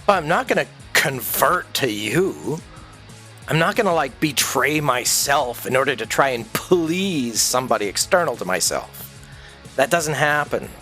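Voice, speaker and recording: A man's voice: mid-range voice, expressive, measured pace, bright, forceful tone, faint music behind. A man streaming a profane, intense, rambling monologue full of swearing. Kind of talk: ranting livestream monologue.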